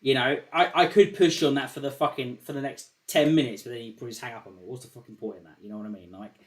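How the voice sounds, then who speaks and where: A man's voice: mid-range voice, rapid-fire. Rambling, swearing male show host. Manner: rambling, swears often, repeats himself. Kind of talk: casual call-in chat.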